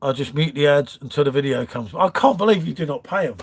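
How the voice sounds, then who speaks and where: A man chats loosely through a livestream from his front room, greeting viewers and wandering from topic to topic. His voice sits a touch high for a man, and he leans on "mate" and "innit" all the way through. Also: lively intonation, fast talker, breathy edge. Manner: chatty, rambling, calls viewers mate. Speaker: livestream host. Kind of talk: casual live chat reading comments.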